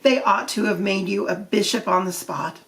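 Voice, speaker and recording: A woman voicing an elderly male vicar, fussy and emotional, with soft, earnest old-fashioned speech. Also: medium pitch, normal speed, close to an everyday voice.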